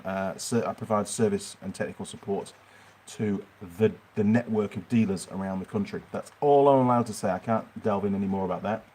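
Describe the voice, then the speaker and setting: A man's voice: lowish voice, darkish tone. A middle-aged man with a Yorkshire accent, hosting a rambling livestream Q&A from his workshop. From Yorkshire, England. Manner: chatty, rambling, answers viewer questions. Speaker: mechanic channel host. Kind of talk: livestream Q&A chat.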